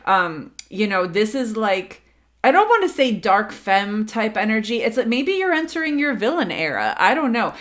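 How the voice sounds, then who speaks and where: A woman's voice: medium pitch, expressive, normal speed, a bit bright. A woman giving a casual, chatty tarot reading to her viewers, with many fillers, who acts out little quotes. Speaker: tarot reader.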